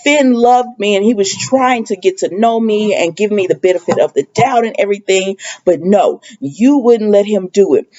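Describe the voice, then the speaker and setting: A woman's voice: medium pitch, normal speed, few pauses, dark tone, muffled recording, close to an everyday voice. A woman quoting a scheming middle-aged woman who pleads her case defensively.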